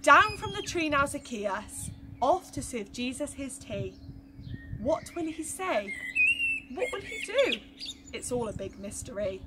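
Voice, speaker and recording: A woman reading a rhyming Bible story aloud to children, slow, gentle and expressive, with loud background noise and birdsong. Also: sits high.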